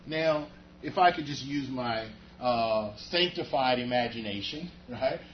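A man's voice: medium pitch, a little slow, a little hiss or hum. A man preaching a sermon as pastor, talking conversationally and speaking to the congregation with rhetorical asides. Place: church sanctuary. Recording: echoey, muffled church hall audio.

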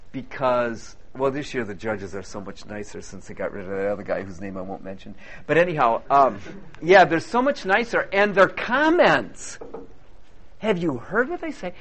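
A man's voice: mid-range voice, a little hiss or hum. A man preaching a sermon to a congregation, chatty and joking with the audience between points. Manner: lively, chatty preaching with audience banter and quips.

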